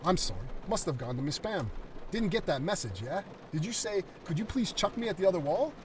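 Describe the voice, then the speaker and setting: A man's voice: sits high, sing-song, fairly quick, distant mic, background noise. A man putting on a burly sarcastic vampire woman. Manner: attempted British accent, sarcastic. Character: burly punk vampire woman, mocking and brutal.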